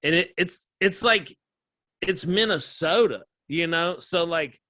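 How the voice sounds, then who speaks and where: Man, comedian guest, fairly high voice, bright tone, dry close sound, laughs a lot. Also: slow, dry recording. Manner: animated, laughs often while telling stories. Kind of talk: casual interview storytelling.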